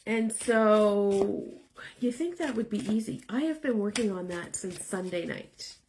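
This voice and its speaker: A woman's voice: medium pitch, expressive, unhurried, darkish tone, slight background noise. A woman tarot reader chatting casually to viewers, rambling and tagging her points with "right?". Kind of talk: casual live chat to viewers.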